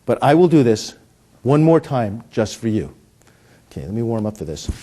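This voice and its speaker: A man's voice: medium pitch, big pitch swings, moderate pace, mellow. A middle-aged man performing coin magic with jokey patter, then explaining the trick, often restarting his words. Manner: joking, punny, stammers and restarts. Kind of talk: comedic magic patter and teaching.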